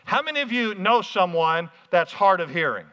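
A man preaching a sermon as pastor, energetic, calling out to the congregation in a church hall. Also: high-pitched, normal speed. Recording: muffled, hall reverb.

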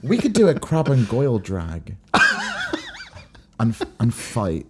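A man's voice: mid-range voice, wildly swooping pitch, slow, noisy background. A man co-hosting a podcast in casual chat, jokey and teasing. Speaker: podcast co-host.

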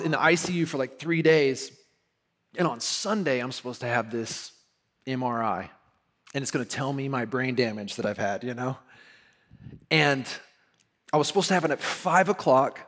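A man, a pastor telling a personal story in a casual sermon, animated and laughing as he acts out quotes. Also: medium pitch.

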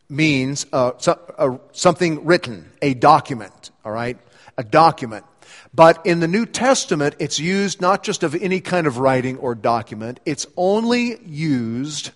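A man preaching a sermon as a pastor, explaining scripture with animated emphasis and voicing quoted lines with rising energy. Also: mid-range voice, long reverb tail.

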